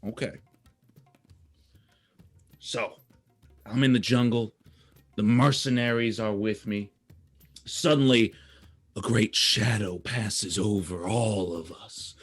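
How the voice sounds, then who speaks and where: A man's voice: lowish voice, slow, pauses often, faint music behind. A man playing in a tabletop game, telling a boastful story in character. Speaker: player. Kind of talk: in-character tabletop role-play.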